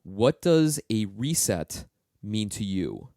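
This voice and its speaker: A man hosting a podcast, relaxed and affirming as he asks his guest questions. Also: on the low side, slow pace, vocal fry, dry recording, clean studio sound. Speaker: podcast host. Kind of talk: interview questions.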